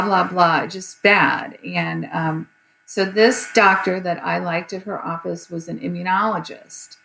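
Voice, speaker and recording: A woman in her fifties, a guest on an interview show, telling a personal story candidly with many pauses and fillers. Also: lowish voice, creaky, a bit bright. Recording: echoey room with faint noise.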